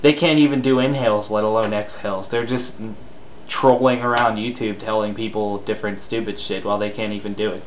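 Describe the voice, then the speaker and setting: A man's voice: lowish voice, fairly even intonation, a little fast, a little hiss or hum. A man giving a casual spoken tutorial on screaming, loose and rambling, self-deprecating and crude.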